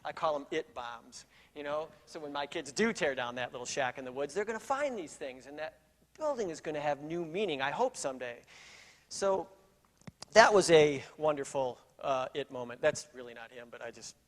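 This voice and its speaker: A middle-aged man tells a personal story from a conference stage, his voice sitting a little high for a man. He talks in a loose, conversational way, full of fillers and restarts. The sound carries a long hall reverb. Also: animated, moderate pace. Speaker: keynote speaker. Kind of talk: storytelling keynote.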